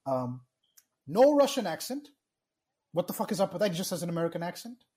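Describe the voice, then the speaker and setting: Man, casual podcast rant, exasperated, swears a lot, highish voice, very lively pitch. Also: a little fast. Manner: ranting, exasperated, swears often. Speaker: podcast co-host. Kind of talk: casual chat.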